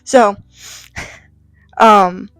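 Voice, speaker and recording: A woman's voice: medium pitch, steady tone, drawn-out words, a bit bright, clean tone, dry recording, faint music behind. Rambling woman chatting about comics. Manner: rambling, full of "like" and "um". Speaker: comic book reviewer. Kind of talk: casual chat.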